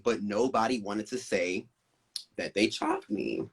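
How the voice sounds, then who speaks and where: A male host tells a story during a casual live stream, animated and profane, dramatizing the events as he recounts them. His voice is lowish and unhurried, with slight background noise.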